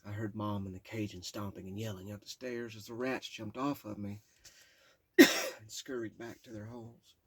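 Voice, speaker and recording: A man's voice: on the low side, steady tone, moderate pace, a bit bright. A man reading his own memoir aloud in a candid, plain-spoken way, with casual asides. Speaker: memoir narrator.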